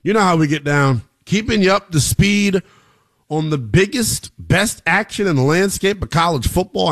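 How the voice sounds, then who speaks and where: High-sitting, animated and a bit bright, the voice belongs to a man hosting a live college football talk show. He hollers and jokes with hype, slips quickly into mutters, talks right to viewers, and reads out scores and chat comments.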